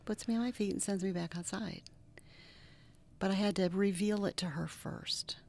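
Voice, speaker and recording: A middle-aged woman, a reverend, speaking as an interview guest and telling personal stories earnestly, now lively, now dropping to a soft near-whisper. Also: medium pitch, normal speed, vocal fry. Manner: earnest, animated storyteller who drops to soft near-whispers. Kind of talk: interview conversation with personal storytelling.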